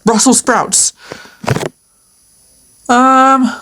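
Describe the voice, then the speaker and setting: A woman's voice: high voice, steady tone, drawn-out words, a bit bright, slight background noise. A woman chatting on her own through a quiz, playful and hesitant, with many fillers and frequent laughter. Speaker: video creator answering quiz questions. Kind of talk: casual solo commentary.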